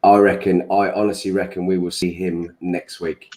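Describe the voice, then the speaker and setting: A man with a low voice talks in a casual chat, sure of himself and repeating his hunches. He sounds relaxed and steady. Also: normal speed. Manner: assured, keeps saying he reckons.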